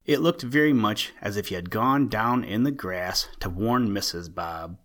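A man with a low voice reads a children's animal story aloud. His delivery is calm and measured, the steady pace of a practiced podcast storyteller.

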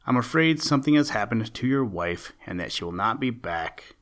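A man's voice: medium pitch, lively intonation, moderate pace, fairly bright tone, natural voice. A man voicing a jolly little male screech owl in a storybook reading, chatting in a teasing way. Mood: kindly.

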